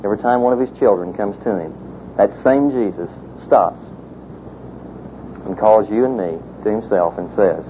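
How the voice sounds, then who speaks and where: A man preaching a sermon in a casual storytelling way, full of "you know" asides. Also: normal speed. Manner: conversational, many fillers, storytelling. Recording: tinny phone-like sound with vehicle rumble.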